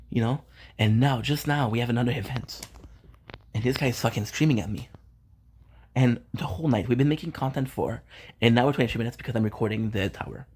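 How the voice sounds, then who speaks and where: A man's voice: mid-range voice, brisk, long pauses, darkish tone, a little hiss or hum. An upset man venting about his neighbors in a home vlog, repeating himself and swearing. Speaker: content creator. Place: home balcony.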